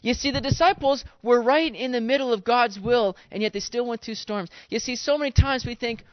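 A man, a pastor, giving a conversational sermon, animated and casual with slangy asides. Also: very high voice, fairly quick, no echo, muffled recording.

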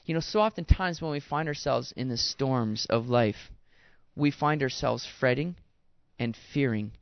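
A man, a pastor, giving a conversational sermon, animated and casual with slangy asides. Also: medium pitch, a little slow, vocal fry, dry recording, highs cut off.

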